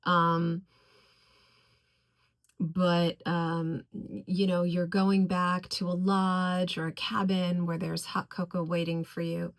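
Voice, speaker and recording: A woman reviewing fragrances in a casual video, gushing over each scent and slowly listing its notes. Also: on the low side, level tone. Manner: effusive, gushing about scents; slow, deliberate listing of notes.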